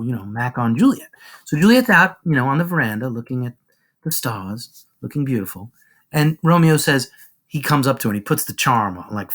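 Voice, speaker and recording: A husky, medium-pitched man explains a classic play to his class casually and with lots of slang. He's animated, jumping into the characters' voices to perform their lines.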